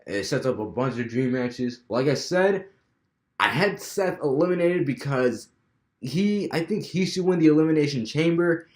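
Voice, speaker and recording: With a mid-range, slightly mellow voice, a young wrestling vlogger lays out his fantasy booking in a casual ramble, frequently starting sentences over. His voice echoes in the room.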